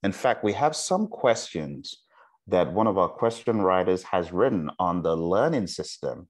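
A male instructor with a low, deep voice delivers a recorded lesson. He speaks at a deliberately slow pace so points sink in, and often checks in with his listeners. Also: expressive. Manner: deliberately slow, repeats checks like "okay?" and "all right?". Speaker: exam prep instructor. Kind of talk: recorded online lecture.

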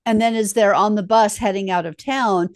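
A woman's voice: medium pitch, fairly even intonation, moderate pace, no room sound, studio quality. A woman co-hosting a podcast, chatting casually about a film and adding bits of trivia and corrections. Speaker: podcast co-host. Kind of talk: casual movie recap chat.

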